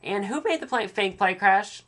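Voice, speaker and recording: A man's voice: high voice, lively intonation, normal speed, pushed and bright. A man hosting a casual solo podcast, recapping a TV episode in a chatty, opinionated, rambling way with many fillers and restarts. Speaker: podcast host reviewing a TV episode.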